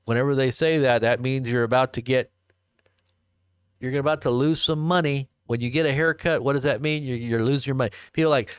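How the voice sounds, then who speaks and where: A man's voice: mid-range voice, fairly quick, clean tone, dry recording, clean studio sound. A man hosting a live stream, rambling in a casual, joking way and chuckling as he answers chat. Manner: rambling, chuckling, jokey asides.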